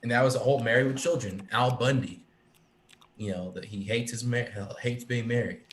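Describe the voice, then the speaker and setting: A man's voice: medium pitch, fairly even intonation, moderate pace, fairly bright tone. A man chatting casually on a live stream, rambling and swearing, with many restarts. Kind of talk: casual chat. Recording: echoey room with faint ambient noise.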